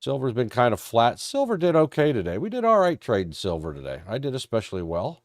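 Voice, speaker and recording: A man's voice: medium pitch, wildly swooping pitch, fairly quick, dry recording. A man moderating a live trading stream, talking in a folksy, rambling way with a stuffed-up head cold. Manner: folksy, rambling, self-deprecating. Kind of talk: live-stream market talk.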